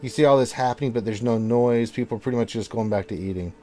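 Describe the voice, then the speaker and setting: A man's voice: medium pitch, quick pace, dark tone. A man narrating as dungeon master in a casual online tabletop game, rambling with lots of fillers.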